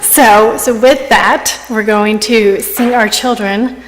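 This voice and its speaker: A woman leading a congregation through a playful laughter exercise, encouraging and warm in her praise. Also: a little high, steady tone, takes it slowly. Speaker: worship leader. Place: church sanctuary. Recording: echoey hall with congregation and music.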